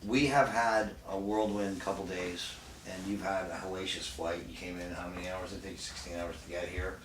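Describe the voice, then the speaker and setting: A man's voice: low voice, steady tone, moderate pace. A man hosting a casual radio show, rambling and restarting his lines. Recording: echoey room, mic far off, faint noise.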